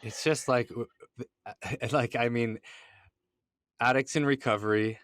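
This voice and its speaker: A man's voice: medium pitch, steady tone, unhurried, a bit bright, no echo, clean studio sound. A man hosting a podcast, reflective and conversational, repeating words as he thinks aloud. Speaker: podcast host.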